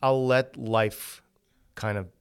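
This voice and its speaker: A man's voice: mid-range voice, fairly even intonation, slow pace, smooth. A man in a casual podcast chat, agreeable and reflective, with a few stammered restarts.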